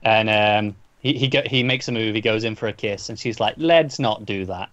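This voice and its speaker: A man's voice: fairly low pitch, moderate pace, fairly bright tone, dry recording. A man co-hosting a podcast, casually recapping a comic book in a rambling way, full of restarts and fillers. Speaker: podcast co-host. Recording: dull lo-fi dry sound.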